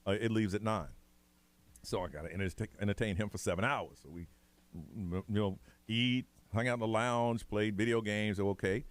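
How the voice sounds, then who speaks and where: A man's voice: on the low side, normal speed, no echo. A man hosting morning radio, telling a story in a casual way and acting out the people in it. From United States. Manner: animated, acts out other people's voices in his stories. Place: radio studio.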